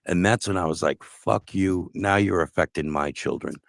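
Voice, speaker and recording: A man's voice: deep voice, normal speed, dry recording, clean studio sound. A man telling a personal family story in casual conversation, blunt and profane. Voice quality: gravelly. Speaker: guest telling his life story.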